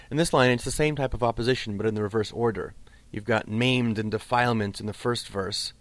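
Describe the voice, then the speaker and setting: A man teaching a lesson on Old English poetry, explaining patiently and slowing right down to recite the verse. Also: mid-range voice, fairly bright tone, dry recording. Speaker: literature teacher.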